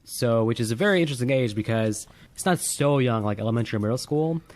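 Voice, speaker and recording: A man co-hosting a film review show, talking excitedly in casual chat and swearing freely. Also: medium pitch, fast talker. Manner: animated, exclaiming, swears freely. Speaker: film review podcast co-host. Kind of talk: casual movie discussion.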